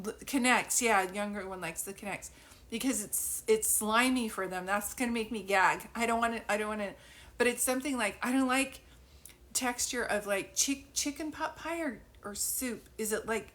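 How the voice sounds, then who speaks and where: A woman with a medium-pitched, fairly bright voice does a live psychic reading into a phone. She chats casually, rambles, reasons aloud, and often giggles.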